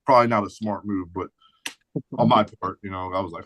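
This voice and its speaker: A man's voice: deep voice, fairly even intonation, a little fast, fairly bright tone. Blunt, profane man in his forties. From St. Louis area. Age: 40s. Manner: blunt, profane and laid-back, peppered with "dude" and "like". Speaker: podcast guest. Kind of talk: casual storytelling chat.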